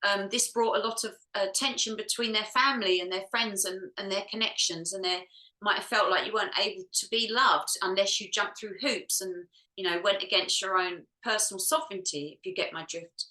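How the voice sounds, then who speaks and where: A woman leading a group healing session, musing softly and talking herself through each step, at times close to tears. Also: medium pitch, fairly quick, echoey room, poor audio. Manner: soft, musing, talks to herself while checking. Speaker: energy healer.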